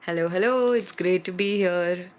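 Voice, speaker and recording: Friendly 19yo indian english girl as a guest, lowish voice, a bit of background hiss. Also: moderate pace. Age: late teens. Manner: friendly, laughs easily. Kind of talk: casual interview chat.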